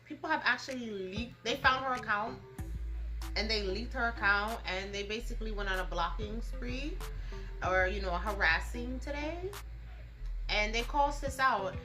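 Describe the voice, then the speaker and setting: A young woman chats through her makeup routine in a blunt, profanity-heavy, slang-filled way. Her voice sits a little on the high side. Music plays clearly underneath her. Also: normal speed, pushed and bright. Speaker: beauty and gossip vlogger. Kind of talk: casual chat while doing makeup.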